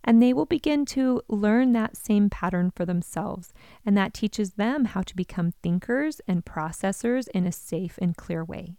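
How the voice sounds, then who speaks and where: A woman's voice: medium pitch, lively intonation, unhurried, dark tone, clear, resonant tone, dry recording, clean studio sound. Earnest woman giving parenting advice. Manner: earnest, encouraging, speaks straight to the listener. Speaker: parenting educator.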